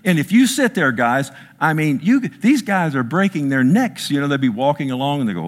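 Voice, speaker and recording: A very animated pastor in his sixties gives a sermon, moving from loud, high outbursts to slow, low-pitched emphasis. He makes jokes at his own expense for the congregation.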